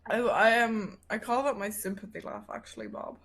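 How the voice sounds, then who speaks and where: A woman's voice: on the high side, animated, fairly quick, a bit bright. Teasing, sarcastic woman streamer. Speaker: streamer, guest on a stream date. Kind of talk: casual livestream chat.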